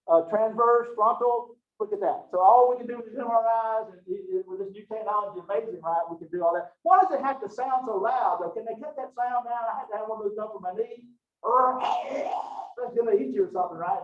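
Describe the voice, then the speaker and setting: Male instructor, high voice, joking folksy lecturer, recorded far off with a tinny phone-like sound. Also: echoey room. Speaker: anatomy instructor. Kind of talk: classroom lecture.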